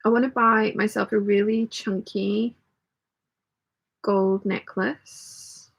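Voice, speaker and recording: A woman's voice: medium pitch, steady tone, slow pace, gravelly, husky, low-quality recording. A woman hosting a casual sewing live stream, chatting and rambling as she thinks aloud and answering viewer comments. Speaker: sewing channel host.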